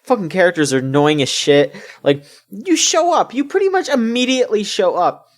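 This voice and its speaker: A man with a high voice co-hosts a casual gaming podcast at a moderate pace. He rants in an animated way, swearing heavily.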